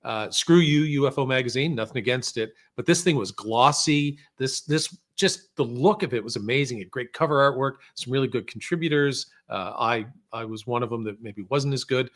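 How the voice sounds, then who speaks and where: Guy in a podcast studio spinning funny stories, animated, does little voices for quotes. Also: mid-range voice, a little fast, few pauses. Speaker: podcast guest, former researcher and filmmaker. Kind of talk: casual storytelling chat.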